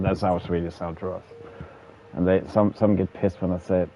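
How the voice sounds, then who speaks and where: A man's voice: deep voice, little pitch movement, moderate pace, highs cut off. A Danish man with a Danish accent, streaming a game and chatting casually, repeating words as he talks. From Denmark. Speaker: gaming streamer. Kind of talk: casual chat while playing a game.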